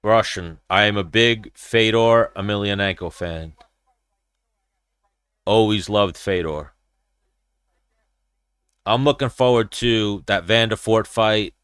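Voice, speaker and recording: Male livestream host, low-pitched and forceful, casual and profane, animated storyteller, dry close sound. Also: slow, pauses often, clear, resonant tone, no echo. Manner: acts out his own quoted lines. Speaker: show host.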